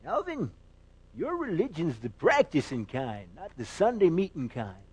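Old country preacher, drawling twang, higher and thinner, as a pastor mimics him. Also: male voice, wildly swooping pitch, measured pace, darkish tone, slightly rough, full character voice. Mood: admonishing.

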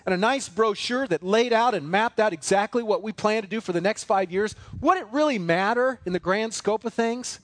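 A man's voice: sits high, moderate pace, hardly any pauses, dry recording. A man preaching a sermon as pastor, emphatic and repetitive, with many rhetorical questions.

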